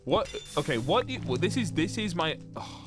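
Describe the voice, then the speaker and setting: A man's voice: fairly high pitch, very animated, fairly quick, music in the background. A young man live-streaming from home, chatting casually with his viewers, rambling and joking as he reads their comments.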